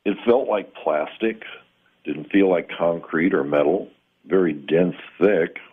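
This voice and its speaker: A man calmly recounting a strange personal experience in plain, measured words, sometimes pausing to find the right term. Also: deep voice, husky. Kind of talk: first-person spoken recollection. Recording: tinny phone-like line.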